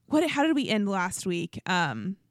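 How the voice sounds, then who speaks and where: A woman's voice: mid-range voice, sing-song, a little slow, dry recording, clean studio sound. A woman co-hosting a podcast, chatting casually and acting out quotes in exaggerated voices. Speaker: podcast co-host. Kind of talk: casual recap chat.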